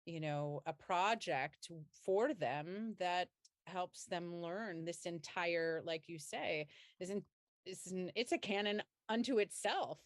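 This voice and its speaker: A woman from the United States, a singer speaking as a guest in an interview, earnest and reflective, pausing to find her words. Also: lowish voice, no room sound, studio quality. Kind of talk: conversational interview.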